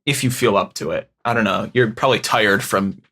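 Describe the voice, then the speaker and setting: A man's voice: lowish voice, fairly quick, pushed and bright. A man with a slight upstate New York accent co-hosting a casual podcast in a wry, joking way. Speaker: podcast co-host.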